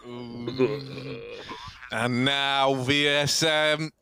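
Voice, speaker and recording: A man commentating an esports match, jokey and quick to yell at tense plays. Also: mid-range voice, steady tone, slight background noise. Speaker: esports caster.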